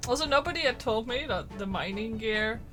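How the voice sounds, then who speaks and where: A woman's voice: on the high side, lively intonation, a little fast. Giggly woman streamer over music. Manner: giggly and chatty. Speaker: streamer co-host. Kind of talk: casual gaming chat.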